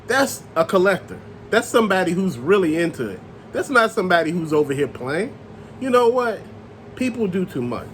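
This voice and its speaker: Animated high-pitched man ranting. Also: normal speed, slight background noise. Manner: loose, animated rant with slang and cussing. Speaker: channel host. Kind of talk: ranting to camera.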